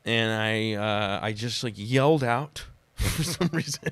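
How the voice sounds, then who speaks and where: A man who is a podcast guest, telling personal stories in a dramatic, animated way during casual conversation. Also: fairly low pitch, measured pace, few pauses, clean tone, no room sound.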